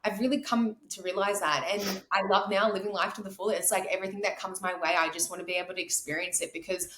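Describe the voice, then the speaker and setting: Guest voice: woman in her thirties, quick and effusive, recorded in a roomy space. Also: medium pitch, steady tone, fairly bright tone. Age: 30s. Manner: fast, gushing, emotional storytelling. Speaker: podcast guest. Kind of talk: casual interview chat.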